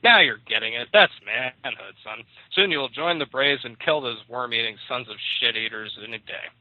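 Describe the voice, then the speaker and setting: A man voicing a gruff, domineering middle-aged father who barks orders at his son. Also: medium pitch, normal speed, no room sound, close to an everyday voice. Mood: boastful. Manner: gruff, bossy. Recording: tinny dry phone line.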